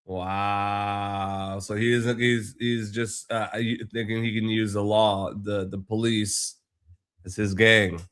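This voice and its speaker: A man's voice: lowish voice, flat delivery, measured pace, fairly bright tone. A man hosting a reaction video, talking loosely with lots of fillers and restarts as he comments on a clip. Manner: rambling, full of fillers and restarts. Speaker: commentary host.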